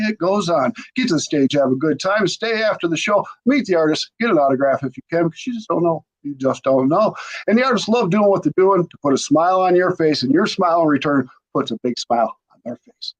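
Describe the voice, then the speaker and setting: A man hosting a podcast interview with enthusiastic, hyped promotional delivery, talking over a video call. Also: high voice. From Michigan. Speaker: podcast host.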